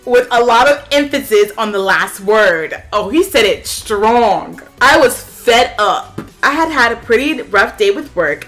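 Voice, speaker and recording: Sassy woman reacting to online posts. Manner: animated, sassy reactions with big pitch jumps. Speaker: YouTuber.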